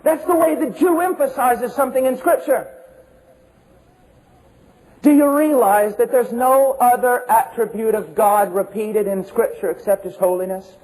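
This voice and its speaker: A man preaching a sermon with passion, using rhetorical questions and repetition, and swinging from shouts to hushed low tones. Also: moderate pace, rough recording.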